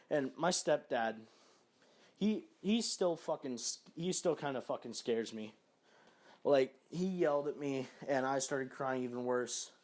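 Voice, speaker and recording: A young man telling a personal story to camera, casual and profane, full of fillers and asides. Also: medium pitch. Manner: profane, rambling, lots of fillers. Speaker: vlogger.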